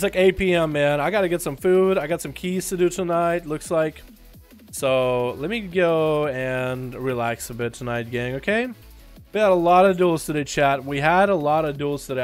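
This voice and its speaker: Excitable young-sounding streamer calling fights. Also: male voice, fairly high pitch. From Russia. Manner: excitable play-by-play, joking, casual slang. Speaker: livestream host and duel commentator. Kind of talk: live game commentary and chat talk.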